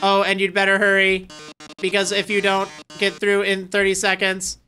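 Woman doing theatrical male robot showman, melodramatic, darling-dropping, bright forceful delivery, game dialogue read aloud. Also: medium pitch, monotone, normal speed, faint music behind, lightly acted. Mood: mock-tragic. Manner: melodramatic, mock-tragic, calls everyone darling.

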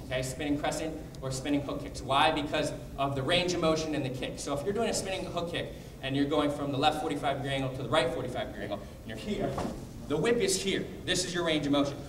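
This martial arts instructor keeps things brisk, breaking down technique and shouting out drills to his class. He has a somewhat high male voice. The sound comes from far off in an echoing hall, with background noise clearly audible.

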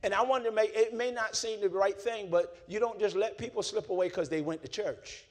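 A male pastor delivers a sermon in a fairly high voice. He drops low and quiet, then climbs into shouts, and keeps asking the congregation to answer back. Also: brisk. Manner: call-and-response preaching, swings from low and quiet to shouting.

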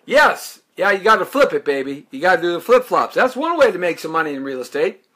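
A man in his fifties, a talk show host from Chicago raised in Southern California, talking in an animated, jokey, hype-man way. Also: high-pitched, a little fast, slightly rough. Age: 50s. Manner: sings snatches and laughs at own jokes. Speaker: radio show host and real estate broker. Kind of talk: live-streamed radio talk show. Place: radio studio.

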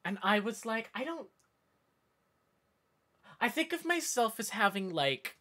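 Reading out viewer comments on a casual live stream, this northeastern US man keeps drifting into tangents and correcting himself as he rambles. He speaks at a measured pace in a high-pitched, sharp tone with big pitch swings.

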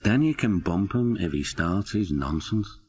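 A man voicing a loyal, respectful old brake van who speaks in a low, confiding way. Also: lively intonation, unhurried, darkish tone, husky, no room sound, full character voice. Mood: deferential. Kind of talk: storybook narration.

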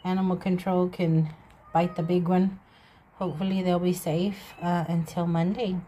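A woman with a lowish, warm voice speaks at a moderate pace in a level tone, casually vlogging from her backyard. She soothes a cat that is giving birth while chatting to her viewers, with cats meowing nearby. The recording is low quality, with slight background noise.

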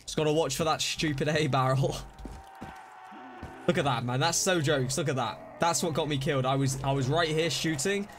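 A man streaming a zombie game live, reacting excitably, scolding himself and thanking donors. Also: a little high, a little fast, few pauses. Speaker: livestreamer. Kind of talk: live gameplay commentary. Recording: music playing behind voice. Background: game music and gunfire.

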